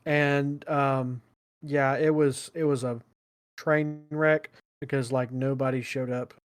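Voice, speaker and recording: A man's voice: mid-range voice, level tone, takes it slowly, smooth. A man co-hosting a podcast, telling rambling stories in casual chat and laughing at them. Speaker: podcast co-host.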